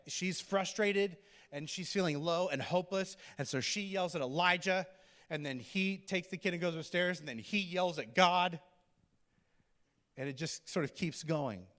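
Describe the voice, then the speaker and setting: A male pastor preaching a sermon in a casual, animated, conversational way, sometimes acting out the people in the story. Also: fairly high pitch. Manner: conversational, animated, acts out characters. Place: church auditorium. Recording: long hall reverb.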